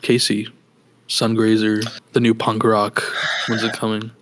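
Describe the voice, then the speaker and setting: A man's voice: fairly low pitch, monotone, a little slow, fairly bright tone, a little hiss or hum. A man co-hosting a casual film podcast, joking and trailing off mid-thought. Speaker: podcast co-host. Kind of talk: casual chat. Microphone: podcast microphone.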